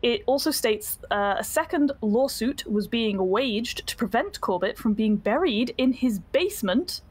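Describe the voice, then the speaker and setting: A woman player in a tabletop game, playful and quick to laugh. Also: fairly high pitch, animated, slightly rough. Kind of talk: casual tabletop game chat.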